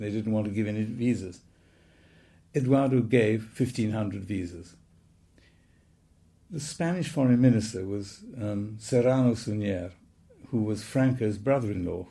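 A man's voice: fairly low pitch, creaky, warm tone. A man in his eighties recounting childhood memories in a wry, anecdotal storytelling manner. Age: 80s. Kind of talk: reminiscing talk.

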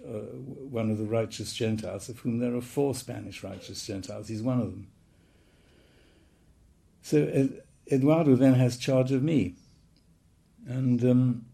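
An elderly man in his eighties shares his reminiscences in a relaxed, wry, anecdotal way. His voice is gravelly, with a soft and mellow tone. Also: lowish voice. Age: 80s. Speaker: speaker recounting his childhood. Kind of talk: reminiscing talk.

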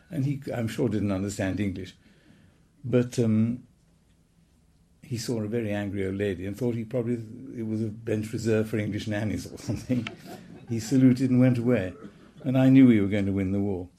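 A man's voice: on the low side, fairly even intonation, moderate pace, mellow. A man in his eighties recounting childhood memories in a wry, anecdotal storytelling manner. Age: 80s. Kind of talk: reminiscing talk.

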